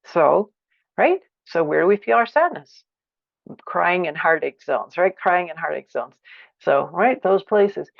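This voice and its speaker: Woman teacher, expressive and demonstrative, dry close sound, kinda gravelly. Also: fairly low pitch, measured pace, no room sound, lo-fi sound. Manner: expressive, acts out feelings with sighs and exclamations. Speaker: teacher of a conflict practice. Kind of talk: workshop lecture.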